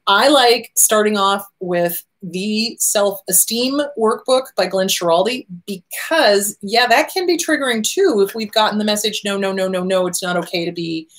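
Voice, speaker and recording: A middle-aged woman therapist hosting a show, talking casually and animatedly, often acting out the voices she quotes. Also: medium pitch. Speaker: therapist host. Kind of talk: casual advice talk.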